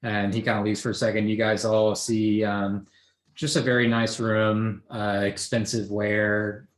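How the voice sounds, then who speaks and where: A man's voice: lowish voice, little pitch movement, reverberant. A man running a tabletop game as game master, narrating casually with frequent fillers and restarts. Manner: casual, halting, many fillers.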